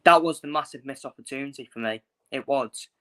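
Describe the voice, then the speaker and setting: A man from England talks football with a bright, forceful voice, hammering the same points again and again. He speaks bluntly and emphatically, like a vlogger ranting to his viewers. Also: mid-range voice, brisk. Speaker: football channel host. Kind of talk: casual ranting match preview.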